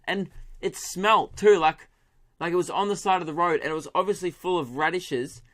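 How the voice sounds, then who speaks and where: A man's voice: sits high, moderate pace, a bit bright. A young man hosting his own comedy podcast, ranting through a story with swearing, laughs and put-on voices. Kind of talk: solo comedy podcast rant.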